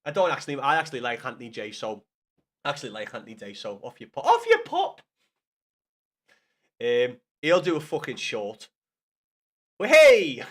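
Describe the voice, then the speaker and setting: His mid-range voice has a slightly bright edge. He's a man in his thirties from Liverpool with a Scouse accent, hungover and rambling through a casual chat with his stream audience, full of swearing and false starts.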